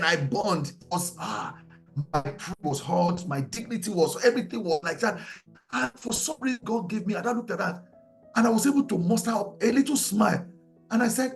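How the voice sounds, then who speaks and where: A man with a Nigerian accent leads a marriage class, his fairly high voice leaping up and down as he tells his stories. He restarts often and repeats words mid-sentence. Quiet music plays faintly behind him. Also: brisk. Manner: animated storytelling with many restarts. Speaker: Bible class teacher.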